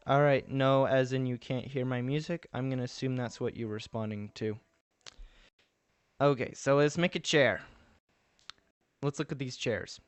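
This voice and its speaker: A man's voice: medium pitch, fairly even intonation, moderate pace, pauses often, clear, resonant tone, no room sound. A man with a Texan accent chatting casually on a live stream, rambling and thinking aloud as he builds and answers viewers.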